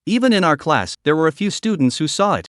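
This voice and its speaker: A strict class president, voiced by a male narrator, who lectures his classmate firmly. The voice is fairly high and moves a lot, and the recording is dry and close. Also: big pitch swings, fast, a bit bright, no room sound. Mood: stern. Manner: firm, lecturing.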